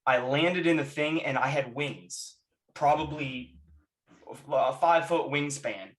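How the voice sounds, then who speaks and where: A man chatting casually on a podcast, telling stories with lively energy and shouting out the lines he quotes. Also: fairly high pitch, measured pace. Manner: animated storyteller who shouts out quoted lines. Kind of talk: casual chat, reminiscing.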